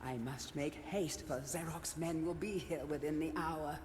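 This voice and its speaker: A man voicing a game narrator who reads old letters and books aloud in a measured, formal way. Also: on the high side, fairly even intonation, lightly acted. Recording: game audio with long hall reverb.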